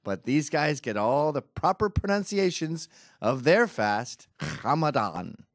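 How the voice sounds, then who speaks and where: A man's voice: fairly high pitch, sing-song, measured pace, dry recording, clean studio sound. A man from Britain giving a sarcastic, mocking comedic rant over a video clip. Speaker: commentator.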